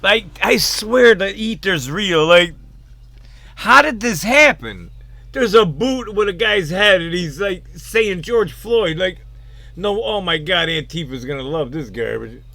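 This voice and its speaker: A man's voice: high voice, expressive, unhurried, gravelly, sharp tone. A man giving rambling, casual reaction commentary on a video, full of fillers and the odd swear.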